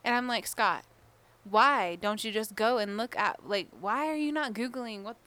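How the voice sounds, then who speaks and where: A woman co-hosting a podcast, chatting excitedly and swearing often while recapping a TV episode. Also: fairly high pitch, normal speed. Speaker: podcast co-host. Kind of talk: casual chat recapping a TV episode.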